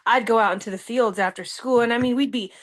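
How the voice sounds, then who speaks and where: A woman on a support call, telling stories in a chatty, animated way. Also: fairly high pitch, fast talker. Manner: animated, chatty, laughs easily. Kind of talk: casual storytelling chat.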